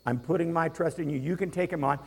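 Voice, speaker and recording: Man doing a solemn king, hushed, grave, gravelly voice, hall echo. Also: fairly high pitch, fast. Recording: reverberant hall.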